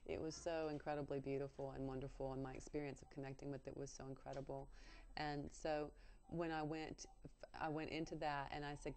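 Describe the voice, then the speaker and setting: Low-voiced woman telling a halting story. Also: little pitch movement, darkish tone. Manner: halting, many fillers and restarts, earnest. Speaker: spiritual guest telling her story. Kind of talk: personal storytelling on radio.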